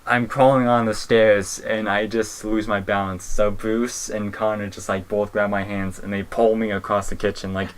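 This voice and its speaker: Young male podcast co-host, lower voice, rambling storyteller who swears freely. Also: flat delivery, normal speed, few pauses, clear, resonant tone. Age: young adult. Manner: rambling, swears a lot, many fillers. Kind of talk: casual podcast chat.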